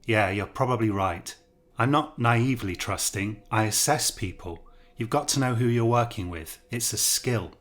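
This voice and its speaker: A man's voice: medium pitch, moderate pace, a bit bright, natural voice. A man voicing a confident male businessman giving self-assured opinions.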